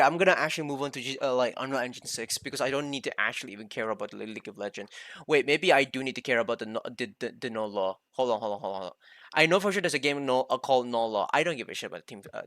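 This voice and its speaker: A young man streaming, reacting casually and excitably to a presentation, cursing and thinking aloud. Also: medium pitch, racing, no room sound, studio quality. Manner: excitable, swears, talks to himself in bursts. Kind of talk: casual live reaction commentary.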